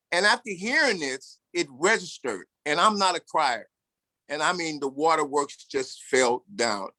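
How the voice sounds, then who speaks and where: Man, 60s, pitch a touch high, dry close mic, candid storyteller. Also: sharp tone, no room sound. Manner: earnest and candid, acts out other people's lines in the story. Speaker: formerly incarcerated speaker. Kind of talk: personal storytelling talk.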